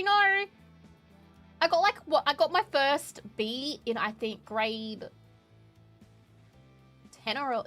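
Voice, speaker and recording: A young Australian woman streamer chatting casually, animated and emotional, laughing often. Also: on the high side. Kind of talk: casual chat.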